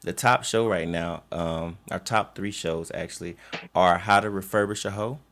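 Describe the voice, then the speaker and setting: A man's voice: low-pitched, fairly even intonation, moderate pace, a bit bright, slight background noise. A man hosting a podcast, bantering loosely and laughing often with his co-hosts. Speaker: podcast host. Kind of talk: casual banter.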